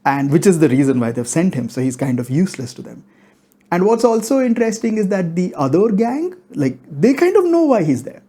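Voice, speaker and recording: Dude chatting about a movie, mellow tone, says like a ton. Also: male voice, high-pitched, sing-song, a little fast, breathy edge. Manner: rambling, heavy use of "like" and "you know". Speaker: movie reviewer. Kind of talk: casual movie review.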